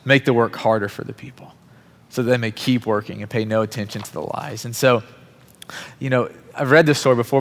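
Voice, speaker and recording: A man's voice: medium pitch, fairly bright tone. A man in his thirties, a pastor giving a sermon in an earnest, conversational storytelling way. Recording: long hall reverb.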